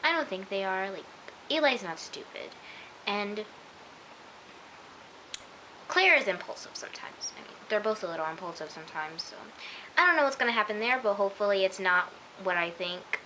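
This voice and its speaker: Bright-voiced chatty woman vlogger. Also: mid-range voice, lively intonation, moderate pace, long pauses, slight background noise, rough recording. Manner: chatty and rambling, full of "like" and "oh my gosh". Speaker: TV episode reviewer. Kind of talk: casual chat to camera. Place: at home, in pajamas.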